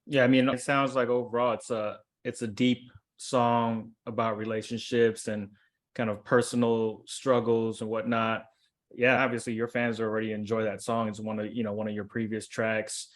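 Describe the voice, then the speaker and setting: A man's voice: on the low side, level tone, moderate pace. A man hosting a casual interview, easygoing, asking long rambling questions. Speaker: interview host.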